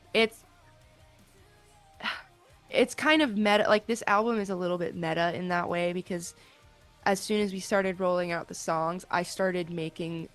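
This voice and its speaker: A woman's voice: fairly low pitch, fairly bright tone. A young woman, a singer, talking as an interview guest in a candid, thoughtful way with some hesitations. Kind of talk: casual video interview.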